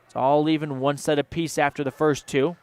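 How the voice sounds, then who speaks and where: A man calling a volleyball match as play-by-play announcer on local radio, reading rapid action with sponsor mentions. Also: fairly high pitch, little pitch movement, a little mellow, clean tone. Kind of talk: local radio sports commentary.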